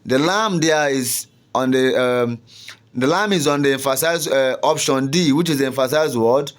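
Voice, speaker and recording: A man's voice: medium pitch, moderate pace, clean tone. A young man tutoring exam students in a casual, repetitive way, often checking in with "you understand?".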